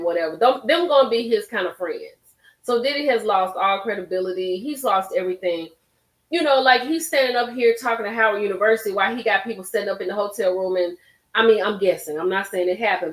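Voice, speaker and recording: A woman hosting a casual live stream, reacting expressively and talking straight to her chat. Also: mid-range voice. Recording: roomy echo.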